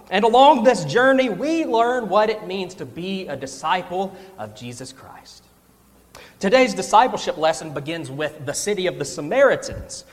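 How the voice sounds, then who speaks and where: In a large hall, a young man with a high-pitched voice preaches a sermon, telling a humorous personal story in an animated way.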